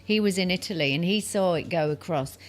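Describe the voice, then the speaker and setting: Woman, co-host, chatty, casual, lowish voice. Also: a little fast. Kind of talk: casual live show chat.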